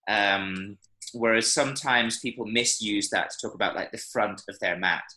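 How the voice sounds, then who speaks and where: Male language teacher, bright tone, checks in with students often. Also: lowish voice, moderate pace, poor audio. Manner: patient, explains and checks understanding. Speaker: Spanish teacher. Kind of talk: online language lesson. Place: online class, speaking from Medellín. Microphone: video call.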